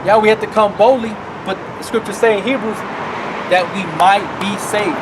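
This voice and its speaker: High-voiced man preaching on a noisy street. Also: brisk. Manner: emphatic, repetitive, often adds "man" and "right". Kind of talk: preaching a sermon.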